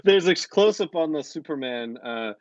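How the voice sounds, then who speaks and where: A man narrating camera shots in an improvised scene, halting and filling with "uh". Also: a little high, expressive, no room sound. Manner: laughing, halting camera directions. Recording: dull dry lo-fi sound.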